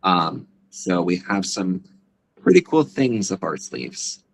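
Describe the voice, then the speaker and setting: Casting: low-voiced man, easygoing guest, rambling interview chatter. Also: big pitch swings, slow, creaky, poor audio. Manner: chatty, rambling with fillers and restarts. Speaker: guest, psychic medium and convention organizer. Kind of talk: casual interview chat.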